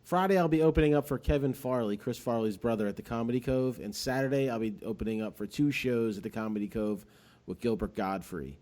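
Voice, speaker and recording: A male stand-up comic co-hosting a podcast in loose, joking banter. He swears freely and talks at an ordinary middle pitch. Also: quick pace, a little mellow. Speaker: podcast co-host and comedian. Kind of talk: casual chat.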